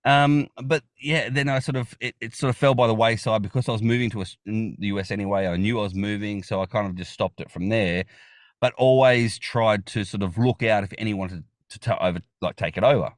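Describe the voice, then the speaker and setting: Australian male guest, low voice, rambling casual chat, dry close sound. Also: fairly even intonation, brisk, no echo. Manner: rambling, repeats words, laughs often. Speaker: podcast guest.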